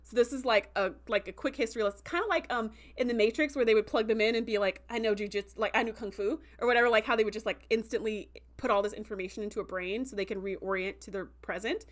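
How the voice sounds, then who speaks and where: A woman with a fairly high voice recaps an episode on a casual livestream. She talks in a loose, chatty way, stringing thoughts together with "like" and "um." When she quotes characters, she acts out their lines with lively, animated voices. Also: quick pace, hardly any pauses. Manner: chatty, heavy with "like" and "um" fillers. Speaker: show reviewer hosting a livestream.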